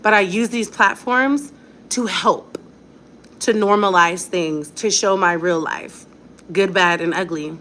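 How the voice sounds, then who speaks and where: A woman's voice: medium pitch, slow pace, fairly bright tone, a little hiss or hum. A young woman talking straight to her viewers in a casual vlog, blunt and defiant, with a lot of slang. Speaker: vlogger.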